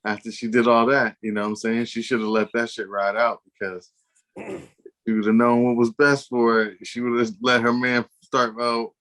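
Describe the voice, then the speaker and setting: A man with a mid-pitched voice co-hosts a casual horror film review. He talks in a laid-back, slangy way and swears freely. His delivery stays easygoing. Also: little pitch movement, moderate pace, fairly bright tone. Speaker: podcast co-host.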